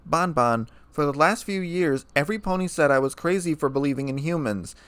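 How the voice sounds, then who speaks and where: Eager unicorn girl chasing proof for a fan story, a male reader lifting his pitch, dry and close. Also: brisk, fairly bright tone, smooth, dry recording, natural voice. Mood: insistent. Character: eager, obsessive young female unicorn researcher.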